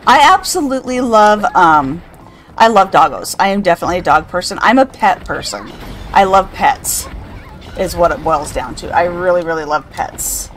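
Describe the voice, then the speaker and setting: A woman's voice: fairly low pitch, lively intonation, moderate pace, a bit bright, faint music behind. An older woman streaming a game, chatting casually, reading out chat and laughing often. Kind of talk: casual live-stream chat while gaming.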